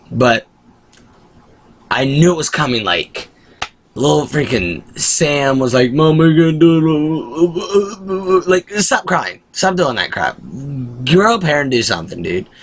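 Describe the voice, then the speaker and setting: Male vlogger, casual reviewer, rambling and excitable, average pitch. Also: a little hiss or hum. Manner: excitable, rambling retelling of scenes. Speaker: show reviewer.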